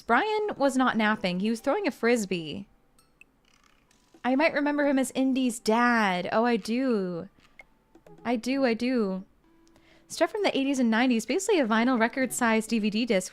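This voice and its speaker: A young woman streamer plays through a video game, talking in a chatty, playful way as she reads its text aloud. Her voice sits a little high for a woman. Faint music plays in the background. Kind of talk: casual game playthrough commentary.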